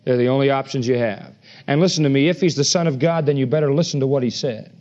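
A man preaching a sermon, emphatic and animated, acting out the quoted voices in his argument. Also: quick pace. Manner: emphatic, acts out quoted voices with rising pitch. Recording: dull lo-fi sermon recording.

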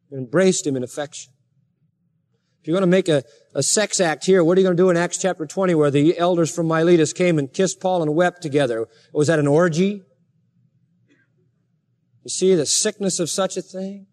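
A man's voice: a little high, moderate pace, long pauses, a little mellow. A man preaching a sermon, reading scripture aloud and rising sharply in emphatic indignation. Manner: reads scripture aloud in King James wording.

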